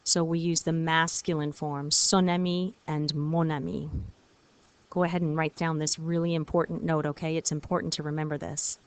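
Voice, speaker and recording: Woman teacher, video lesson; patient, encouraging, slightly low voice, repeats words for students. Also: level tone, moderate pace, clean tone. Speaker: French teacher.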